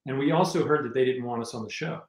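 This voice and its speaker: A man's voice: mid-range voice, quick pace. New man telling rambling stories, roomy. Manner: rambling anecdotes with many restarts. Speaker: guest musician and filmmaker. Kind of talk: casual storytelling interview.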